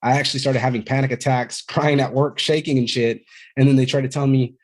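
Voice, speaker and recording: A man's voice: medium pitch, fairly even intonation, fairly quick. Candid rambling man telling stories. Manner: candid, rambling, swears freely. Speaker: podcast guest, Marine veteran. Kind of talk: casual conversational storytelling.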